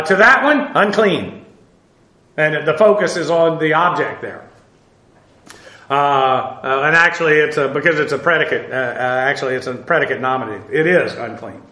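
A man's slightly high, sharp voice echoes around a classroom as he leads a Bible study on the Greek text. His delivery is halting and full of fillers, and he spells out words one letter at a time.

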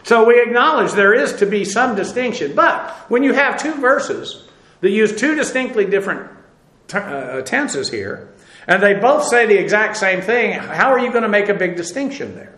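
A man teaching a Bible lesson, explaining slowly with many "uh" fillers and self-corrections. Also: sits high, lively intonation, a bit bright, echoey room, low-quality recording. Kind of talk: lecture on Greek verb tenses.

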